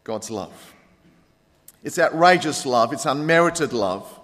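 A man preaching a sermon as pastor, earnest, pressing on points and then dropping quiet. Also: mid-range voice, lively intonation, slow. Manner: earnest preaching with rising emphasis and quiet drops. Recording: long hall reverb.

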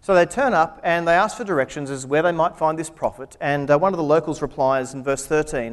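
A preacher with a fairly high voice, delivering a humorous sermon full of wry asides as he retells a scripture passage. His voice rings out with a long hall reverb. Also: fairly quick, few pauses.

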